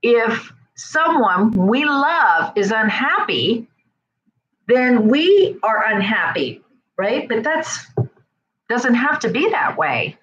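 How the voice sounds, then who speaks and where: A woman's voice: a little high, takes it slowly, muffled recording, slight background noise. A woman giving a conversational self-help talk, speaking straight to her listeners and often checking in with "right?". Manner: animated, acts out quoted voices.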